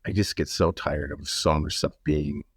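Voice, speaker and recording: A man's voice: a bass voice, steady tone, moderate pace, dry recording, studio quality. A man appearing as a podcast guest, speaking bluntly and frankly and swearing casually.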